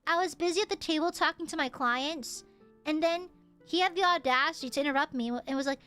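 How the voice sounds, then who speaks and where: A young woman streamer chatting casually with viewers, telling stories in an animated, swear-filled way. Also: high voice, fairly quick, soft background music. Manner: animated, swears often, lively storytelling.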